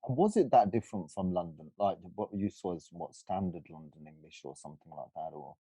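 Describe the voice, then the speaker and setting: A man's voice: low voice, expressive, a little fast, warm tone, breathy edge, no echo. A man with a Cockney accent co-hosting a panel discussion, talking casually with many fillers and restarts. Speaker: discussion co-host.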